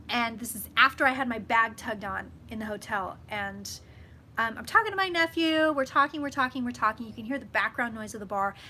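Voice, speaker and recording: Bright-voiced chatty woman on a live stream. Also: slight background noise. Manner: chatty and swears freely, animated swings in pitch and loudness. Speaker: psychic vlogger hosting a live stream. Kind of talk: casual live-stream chat with viewers.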